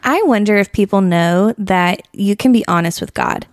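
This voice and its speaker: A woman's voice: medium pitch, normal speed, dry recording, clean studio sound. A young adult woman co-hosting a casual faith podcast, earnest, laughing often and acting out quoted prayers. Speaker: podcast co-host.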